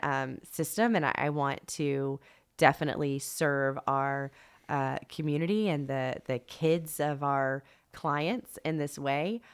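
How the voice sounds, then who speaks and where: A middle-aged woman co-hosting a podcast, telling stories in a casual, animated way and acting out the dialogue. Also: deep voice, clean tone. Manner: animated, acts out quoted dialogue. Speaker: podcast co-host. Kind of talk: casual storytelling chat.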